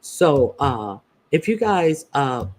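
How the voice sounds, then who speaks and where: A man hosting casual opinion commentary, blunt and profane, halting often with "uh" fillers as he talks. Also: a little high, sing-song. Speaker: YouTube commentator host.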